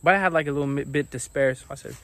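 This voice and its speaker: A young man telling a casual storytime about his own life, animated and acting out the people he quotes. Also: fairly high pitch, rapid-fire. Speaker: vlogger.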